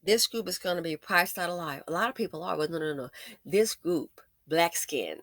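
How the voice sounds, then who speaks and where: A woman's voice: lowish voice, lively intonation, normal speed, fairly bright tone, no echo, studio quality. A woman hosting a commentary video, ranting in an angry, profane, scolding way. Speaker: commentary channel host. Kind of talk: blunt commentary rant.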